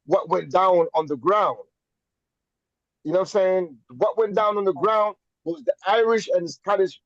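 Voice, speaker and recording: A man's voice: high voice, no room sound, muffled recording. A man with a Jamaican accent, a guest on a talk show, speaking emphatically and repeating phrases for effect. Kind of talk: conversational storytelling on a talk show.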